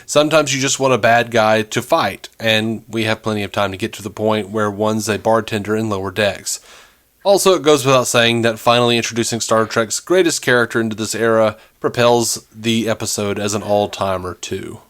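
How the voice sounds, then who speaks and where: A man's voice: lowish voice, fairly even intonation, moderate pace, fairly bright tone. A man co-hosting a podcast, reading out listener messages and chatting casually with jokes and laughter. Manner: laughing, joking, reads listener messages aloud. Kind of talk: casual chat.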